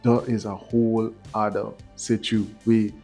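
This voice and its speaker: A man's voice: fairly low pitch, level tone, a little slow, dark tone, slightly rough, faint music behind. A man hosting a vlog, chatty and hyping up his viewers. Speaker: vlog host. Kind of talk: casual commentary.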